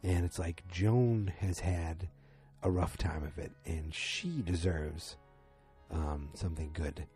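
A man's voice: low voice, fairly even intonation, slow, mellow, soft background music. A man casually recapping a TV episode, rambling with fillers and restarts and acting out characters' lines. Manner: rambling, many fillers and restarts, acts out quotes.

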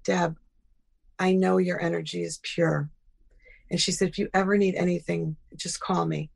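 A woman's voice: fairly low pitch, vocal fry. A middle-aged woman telling personal stories in a casual interview, acting out quoted dialogue. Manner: animated, acts out quoted dialogue. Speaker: guest.

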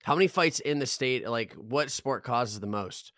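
A young man chats on a podcast in a laid-back, profane way, often tossing in "bro." His pitch is average. The mic is close and dry, with no room sound. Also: lively intonation, normal speed, fairly bright tone, no echo. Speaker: podcast co-host. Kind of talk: casual chat.

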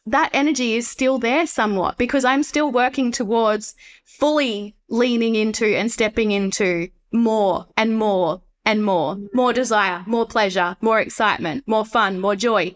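A woman's voice: a little high, a little slow. A woman guest on a podcast, speaking earnestly and reflectively about her life in casual conversation. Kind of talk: casual interview chat.

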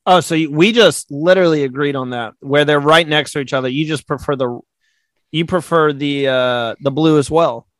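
A man with a fairly high voice chats casually as a podcast co-host. He is easygoing, laughs often and restarts his sentences. The sound is close and dry, with no room around it. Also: moderate pace, no echo. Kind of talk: casual chat.

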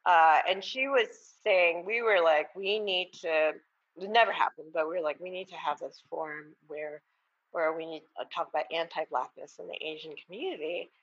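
A woman author, a guest on an interview podcast, talking casually and thoughtfully, with halting restarts. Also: on the low side, a bit bright, muffled recording. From United States.

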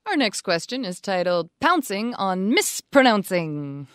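A woman's voice: medium pitch, very animated, unhurried, music in the background. A woman co-hosting an etiquette advice podcast, chatting casually, laughing often and saying "like" a lot. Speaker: podcast co-host.

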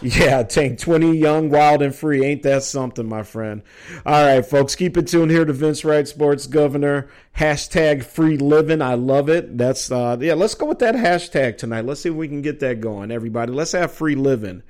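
A man's voice: a little high, moderate pace, a little mellow. A middle-aged man from Minnesota hosting a live sports talk show, chatty and rambling with lots of fillers.

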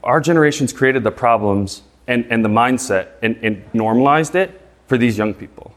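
A man in his thirties lectures a room with mid-range pitch and fervent emphasis. He fires rhetorical questions, tags his points with "right?" and trips over doubled words as his excitement builds. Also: moderate pace. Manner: gets excited and stumbles over repeated words. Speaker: speaker giving a talk. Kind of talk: live presentation to an audience.

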